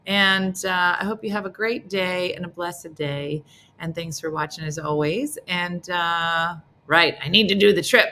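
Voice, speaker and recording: Bright, teasing woman hosting a morning chat. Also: a little slow, slight background noise. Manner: playful, teasing, bursts into high silly voices for others. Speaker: live show host. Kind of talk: casual live morning chat with viewers.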